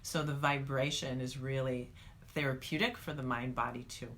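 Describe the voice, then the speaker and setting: Low-voiced woman guiding a meditation. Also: normal speed. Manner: calm, coaching, talks straight to the viewer. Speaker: meditation teacher. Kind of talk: guided meditation talk.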